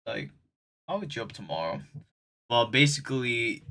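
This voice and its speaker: Slangy young man with a bright voice. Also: mid-range voice, expressive, normal speed, gravelly. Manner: loose and slangy, talks straight to viewers. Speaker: streamer telling a story. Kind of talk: casual storytime.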